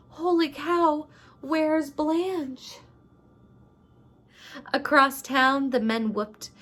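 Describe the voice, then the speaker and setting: A woman vlogger reading a rhyming picture book aloud at home at night, in an unhurried storytelling way, then chatting casually. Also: fairly high pitch, fairly bright tone. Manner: unhurried storytelling, laughs between lines.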